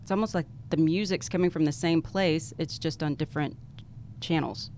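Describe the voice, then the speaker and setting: A woman's voice: low-pitched, fairly even intonation, moderate pace, darkish tone, a little hiss or hum. A woman describing inner visions in a casual spiritual chat, rambling and imaginative.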